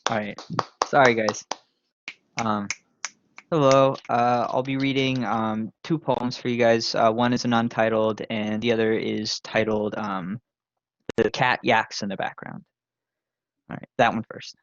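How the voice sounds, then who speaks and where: A man's voice: mid-range voice, level tone, measured pace, long pauses, no room sound. A man reading his poems at a reading event, hesitant with fillers between lines. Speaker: poet reading. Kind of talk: poetry reading. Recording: dry, muffled stream audio.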